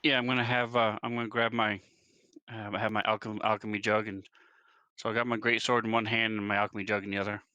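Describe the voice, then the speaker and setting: A man's voice: on the low side, little pitch movement, quick pace, sharp tone, no room sound, muffled recording. Hesitant man, a tabletop player. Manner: hesitant, thinking aloud with fillers. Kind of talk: casual tabletop play.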